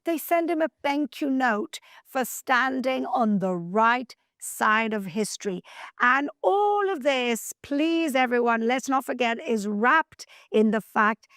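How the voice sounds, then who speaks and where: A woman hosting a TV news show, her voice sitting a touch high and sounding dry and close, with no room around it. She delivers opinion commentary emphatically, scolding and slowing down to hammer key words. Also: expressive, a bit bright, no room sound.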